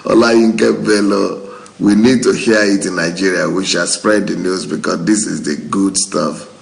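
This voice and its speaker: Gravelly low-voiced male pastor. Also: fairly even intonation, a little slow, low-quality recording. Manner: chatty, often breaks into laughter. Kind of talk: reading out viewer comments and responding.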